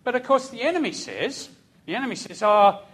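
A middle-aged man preaching a sermon, telling a personal story in an animated way with chuckles. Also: very high-pitched, quick pace, husky.

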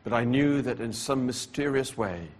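A man preaching his own testimony speaks in a mid-range voice that is husky with a slight roughness. His delivery is slow and measured, with pauses doing much of the storytelling work. A repeated cough keeps breaking into his words.

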